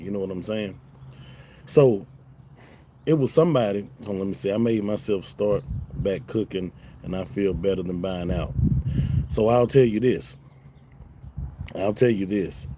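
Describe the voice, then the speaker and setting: A man's voice: on the low side, warm tone, slight background noise. A man hosting a casual livestream, reading chat aloud in a loose, profane way and laughing often. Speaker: livestream host.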